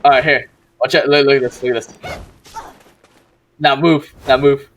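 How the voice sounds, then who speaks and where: A man in casual gaming chat, cutting in with short, excited remarks. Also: mid-range voice, normal speed, a little hiss or hum. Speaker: gaming friend.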